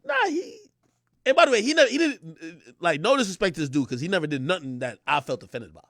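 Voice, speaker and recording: Loud, animated male streamer. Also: fairly high pitch, quick pace, no echo, clean studio sound. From Jamaica. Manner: loud, excitable, acts out quoted voices with big swings. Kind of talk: animated storytelling on a livestream.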